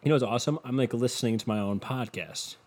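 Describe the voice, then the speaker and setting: Swearing plenty and poking fun at himself, a young podcast host rambles crudely through a solo episode recorded at home. He talks fast in a medium-pitched voice, using a cheap desk mic and headphones.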